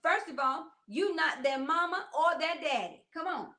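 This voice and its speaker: Emphatic co-host, woman, high bright voice, preachy call-and-response style. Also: normal speed. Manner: emphatic, preachy, keeps saying "come on". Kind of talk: casual chat.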